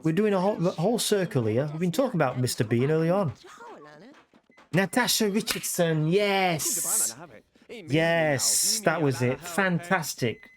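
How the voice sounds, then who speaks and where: A man's voice: on the high side, lively intonation, fairly quick, darkish tone. A man streaming a life-sim game, chatting casually with viewers in a rambling way and ending many sentences with a questioning tag. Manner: rambling, keeps tagging "yeah?" onto sentences. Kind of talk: casual chat with viewers while playing.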